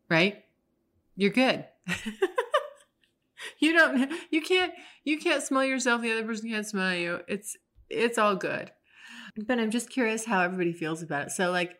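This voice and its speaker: Young adult woman, solo podcast host; frank, chatty delivery, slightly low voice. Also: normal speed, sharp tone. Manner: frank, chatty, with frequent restarts. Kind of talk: casual solo monologue.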